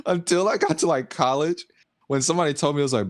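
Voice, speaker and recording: Speaking fast in a fairly high voice, this young co-host from the American South chats casually on a podcast with clean studio sound and no echo. His stories ramble, he laughs a lot, and he performs the lines he quotes.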